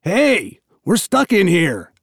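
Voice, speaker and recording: A man's voice: medium pitch, big pitch swings, moderate pace, dark tone, dry recording, clean studio sound. A man voicing a tough, hardened male prisoner who talks in a blunt, wry way. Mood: shouting.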